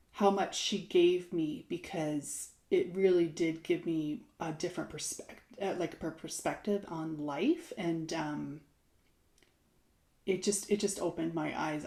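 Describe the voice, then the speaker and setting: A woman's voice: low voice, vocal fry, mellow, echoey room. A married woman co-hosting a podcast, telling a personal story in a chatty way, with lots of fillers, restarts and laughs. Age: adult, married. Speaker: podcast co-host.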